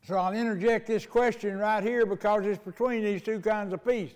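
An older male pastor with a high-pitched voice preaches in a folksy, storytelling way. His words ring out with a long reverb, as in a church hall. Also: moderate pace, few pauses, darkish tone, clear, resonant tone. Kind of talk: sermon.

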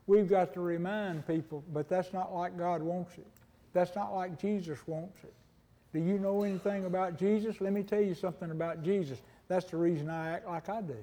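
Older preacher, echoing hall. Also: male voice, on the high side, warm tone. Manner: folksy, conversational, acts out dialogues. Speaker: pastor. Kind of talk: sermon. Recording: long hall reverb.

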